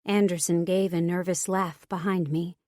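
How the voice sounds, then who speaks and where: A woman narrating a romance audiobook in first person, with a measured, expressive reading. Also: fairly low pitch, dry recording, studio quality.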